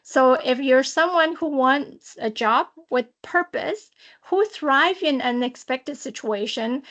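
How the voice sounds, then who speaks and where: A woman with a high, bright-sitting voice tells a work story as a social compliance auditor. She speaks on a video call webinar, with a lively, dramatic storytelling manner and playful asides. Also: highs cut off. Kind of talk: prepared talk telling a work story. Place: online webinar.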